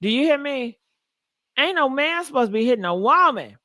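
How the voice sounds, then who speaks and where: A woman's voice: high voice, animated, normal speed, sharp tone, no echo, clean studio sound. A woman hosting a casual gossip livestream, talking emphatically and repeating points for emphasis. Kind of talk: casual commentary.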